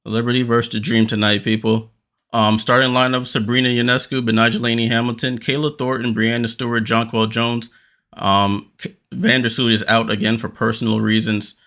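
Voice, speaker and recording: A man hosting a watchalong stream, giving casual play-by-play commentary, a little out of breath and getting more energetic on big plays. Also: mid-range voice, a little fast. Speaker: watchalong host.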